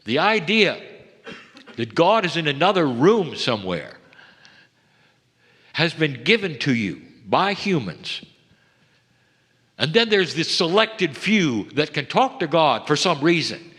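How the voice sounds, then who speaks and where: A man delivering a channeled spiritual message to a live audience, slow and solemn, swelling up and then sinking to a soft hush. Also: fairly high pitch, sing-song, breathy edge. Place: event hall. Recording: long hall reverb.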